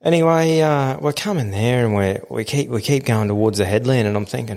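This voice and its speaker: A man's voice: mid-range voice, fairly quick, creaky, darkish tone. An Australian man spinning a laid-back, blokey yarn on a podcast, swearing freely as he talks. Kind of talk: casual podcast storytelling.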